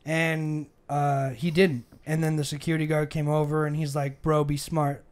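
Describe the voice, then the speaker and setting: With a fairly high voice at a moderate pace, a twenty-something podcast co-host from Arizona spins a casual story over beers. He gets animated and heated, acting out each side of the argument in quoted voices.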